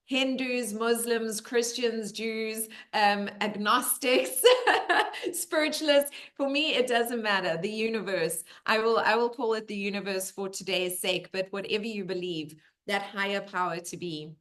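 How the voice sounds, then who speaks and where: A woman giving a motivational masterclass, animated and storytelling, with bursts of laughter and quiet moments. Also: medium pitch, unhurried. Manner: animated, laughs and drops to a hush for heavy moments. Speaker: masterclass speaker.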